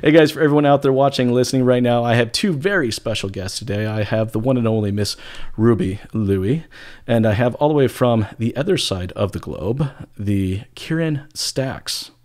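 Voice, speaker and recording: A man's voice: medium pitch, brisk, a little mellow. A man hosting a podcast in casual chat, upbeat and joking, with many fillers. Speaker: podcast host.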